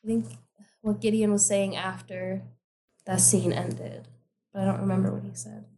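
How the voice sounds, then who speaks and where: A woman co-hosting a podcast, chatting casually about a TV episode and chiming in with quick reactions and quotes. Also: mid-range voice, level tone, dark tone. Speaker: podcast co-host. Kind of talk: casual chat recapping a TV episode.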